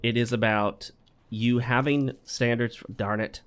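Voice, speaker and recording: A man's voice: medium pitch, steady tone, a little slow, smooth. A man hosting a gaming channel, chatting wryly through a let's play and mixing in advice talk with joking asides. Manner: chatty and wry, joking asides while playing.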